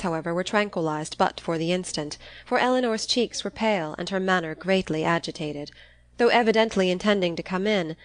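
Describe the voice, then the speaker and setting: A woman narrates a classic novel in a calm, measured delivery. Her voice sits in a lower register. The sound is close and dry, with no room around it. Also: dry recording. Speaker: audiobook narrator.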